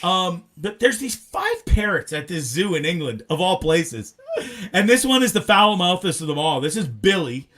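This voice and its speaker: A man hosting a live talk show, rambling and animated, swearing freely. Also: high voice, normal speed. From Canada. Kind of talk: casual live show chat.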